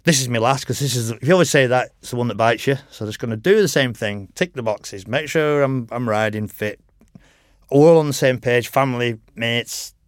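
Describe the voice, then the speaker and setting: A middle-aged man speaks at normal speed with a medium-pitched voice as a guest on a podcast. A motorcycle racer, he tells rambling stories casually, laughs often, and swears freely in an interview chat recorded in studio quality without echo.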